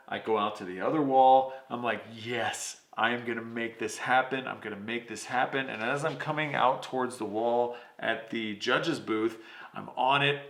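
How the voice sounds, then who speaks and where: A man hosting his podcast, telling a story in a casual, animated way, swearing freely and acting out what people said. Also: medium pitch, roomy sound. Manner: animated, swears, acts out quotes. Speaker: podcast host.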